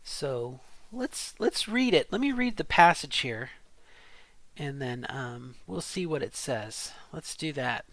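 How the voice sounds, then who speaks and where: A woman's voice: extremely low pitch, no room sound. A middle-aged woman in a casual vlog, thinking aloud in an unsure way and often restarting her sentences. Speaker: vlogger.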